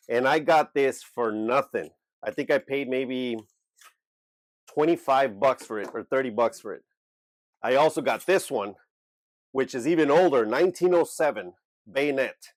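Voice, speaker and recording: A man runs his own unscripted talking-head vlog on eBay reselling, talking straight to his viewers in a blunt, emphatic way. His voice is mid-range and there's no room sound.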